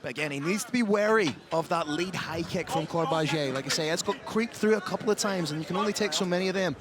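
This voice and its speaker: An MMA commentator with a slightly high voice speaks at a quick pace during live fights at an open-air arena. He analyzes technique and tactics as the action unfolds, with a loud crowd behind him.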